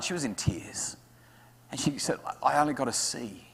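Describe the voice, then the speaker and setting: A man speaking to parents at an evening talk, lively and acting out what his kids say. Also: mid-range voice, moderate pace, creaky, husky. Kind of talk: talk to an audience with questions. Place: school hall. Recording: hall reverb.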